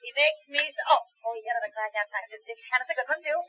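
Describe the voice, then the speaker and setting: A woman performing a comic monologue as a baseball fan, chattering, indignant and easily excited. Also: on the high side, quick pace, breathy edge, rough recording.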